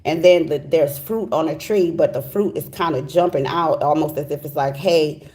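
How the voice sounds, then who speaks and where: A middle-aged woman with a low-pitched, dark voice talks at normal speed while giving a casual, heartfelt tarot reading. Chatty and emphatic, she keeps saying "okay?" and "you know what I'm saying."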